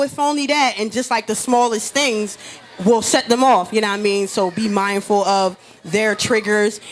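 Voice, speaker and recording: A woman with a mid-pitched voice talks casually on a talk-show panel. Her delivery is chatty and loose, and she keeps checking in with the listener. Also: slight background noise. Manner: chatty, keeps saying "you know what I mean". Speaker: panel guest.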